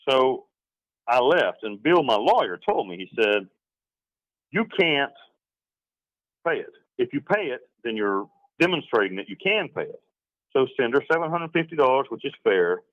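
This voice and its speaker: A middle-aged man from North Carolina tells his story in an interview, rambling and emphatic, often slipping into acted-out quotes. His voice sits low. The recording is dull and dry, with a lo-fi, phone-like quality. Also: no room sound.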